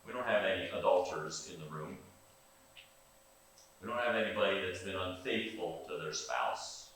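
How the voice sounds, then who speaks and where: Older man, pastor, folksy animated sermon, distant mic, heavy church echo. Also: sits low, normal speed. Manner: animated, folksy, asks the congregation questions. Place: church sanctuary. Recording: very echoey church room, distant mic, faint hiss.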